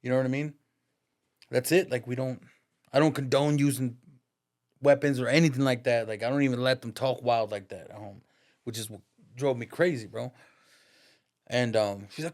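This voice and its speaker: A man's voice: mid-range voice, fairly even intonation, normal speed, long pauses, a little mellow. A man in his thirties, a barber, telling a story in a casual, slangy, profane way. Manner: slangy and profane, peppers talk with "dog" and "bro". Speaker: podcast guest, barber.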